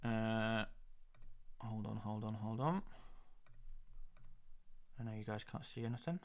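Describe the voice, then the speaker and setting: A man's voice: lowish voice, unhurried. A man hosting a live stream in casual, jokey chat, muttering asides as he goes. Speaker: streamer host.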